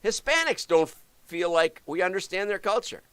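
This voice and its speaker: A middle-aged man from the US hosts a casual livestream, chatting in a fairly high voice that swings up and down a lot. He jokes and breaks off into asides, and the close mic sounds dry. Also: expressive, moderate pace, a bit bright, clear, resonant tone, no echo. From United States. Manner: chatty and jokey, self-interrupting asides. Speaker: livestream show host.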